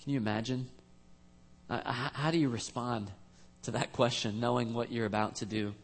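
A man's voice: mid-range voice, steady tone, normal speed. A man preaching a sermon as a pastor, earnest and conversational, with frequent restarts.

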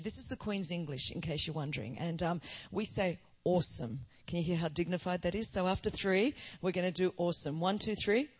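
A middle-aged woman with an Australian accent, preaching as a guest speaker in a fast, lively, joking manner. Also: on the low side. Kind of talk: sermon.

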